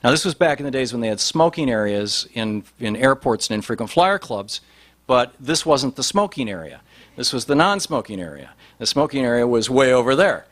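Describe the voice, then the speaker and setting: A man's voice: mid-range voice, very animated, a little fast, a bit bright. Rambling male storyteller. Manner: rambling with many restarts and fillers. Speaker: speaker telling an anecdote. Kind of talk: storytelling talk.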